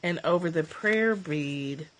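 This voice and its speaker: A woman hosting a casual livestream from her phone, emotional and choked up, gushing and laughing, often clearing her throat. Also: fairly low pitch, slow pace, a little hiss or hum. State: teary, choked up. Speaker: livestream host, former therapist.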